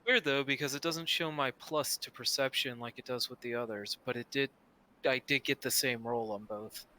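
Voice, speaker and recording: Bright male player, matter-of-fact. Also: medium pitch, fairly even intonation, moderate pace. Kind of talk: casual chat.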